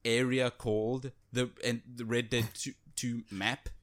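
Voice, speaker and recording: A man's voice: mid-range voice, little pitch movement, unhurried, fairly bright tone. A man co-hosting a gaming podcast, chatting casually and enthusiastically, with frequent fillers and restarts. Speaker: podcast co-host. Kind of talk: casual chat.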